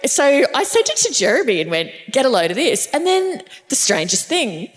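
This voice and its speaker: A woman's voice: sits high, sing-song, moderate pace, in a large hall. A woman co-hosting a podcast before a live crowd, asking playful, teasing questions. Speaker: podcast co-host. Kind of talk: casual chat before a live audience.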